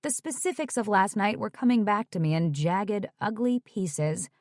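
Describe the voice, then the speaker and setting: A woman narrating a romance audiobook in the first person, measured and wry, on a close studio mic. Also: mid-range voice, animated, no room sound.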